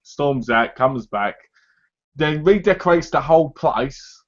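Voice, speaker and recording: A man's voice: a little high, lively intonation, slow pace. A man hosting a casual live chat, talking in a chatty way and acting out other people's lines as he goes. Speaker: live stream host. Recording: dull lo-fi stream audio.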